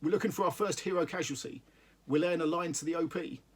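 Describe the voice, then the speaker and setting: A man voicing a gruff army sergeant with a Geordie accent who barks orders. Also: fairly high pitch, fast, natural voice. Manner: barking orders, stifling laughter.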